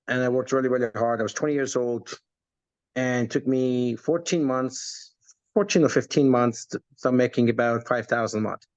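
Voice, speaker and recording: A man in his fifties giving an animated motivational talk as a network marketing coach, acting out quoted voices. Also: mid-range voice, no room sound. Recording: dull, dry lo-fi sound.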